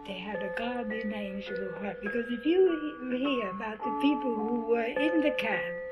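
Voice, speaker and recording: A woman's voice: a little high, normal speed, muffled recording, over loud music. An older woman, a survivor, telling her life story. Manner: lively, laughs while telling stories. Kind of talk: personal storytelling.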